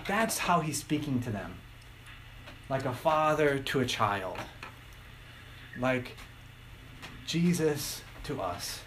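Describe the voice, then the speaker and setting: A middle-aged man preaching a sermon, telling stories and acting out quotes with lively shifts. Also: fairly high pitch, slight background noise, poor audio. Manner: animated storytelling, acting out quotes.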